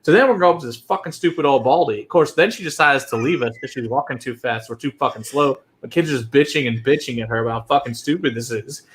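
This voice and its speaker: A man co-hosting a casual chat, telling travel stories in a profane, animated way. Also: mid-range voice, fast, hardly any pauses. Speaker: whiskey show co-host.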